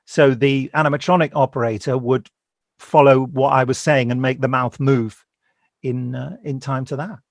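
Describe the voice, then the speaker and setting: Gravelly man telling animated anecdotes. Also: mid-range voice, normal speed, no room sound, studio quality. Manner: lively storyteller who acts out the voices he quotes. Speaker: voice actor. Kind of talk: anecdotal interview chat.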